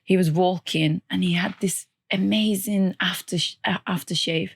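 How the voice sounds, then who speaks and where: A woman who grew up in Turkey, her accent a mix of Turkish and a bit of Birmingham. She chats easily and laughs often, and her voice sits a little low. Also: steady tone, normal speed, creaky, breathy edge. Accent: Turkish, mixed with a Birmingham lilt. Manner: chatty, laughing storyteller. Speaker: podcast guest. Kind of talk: casual interview chat.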